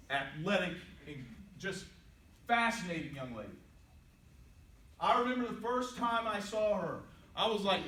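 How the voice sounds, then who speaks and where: A middle-aged man giving a playful, animated inspirational talk to students in a large hall, telling stories and acting out quotes. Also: high voice, a little hiss or hum. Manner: playful, animated storytelling with jokes and acted-out quotes. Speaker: motivational speaker. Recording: echoey hall, voice from a distance.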